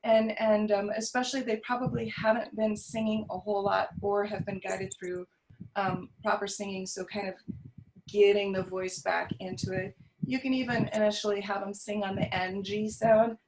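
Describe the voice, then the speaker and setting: A woman's voice: medium pitch, flat delivery, normal speed, noisy background. A choir director with a Californian accent explains her teaching on a video call. She talks in a thoughtful way, with many ums and restarts.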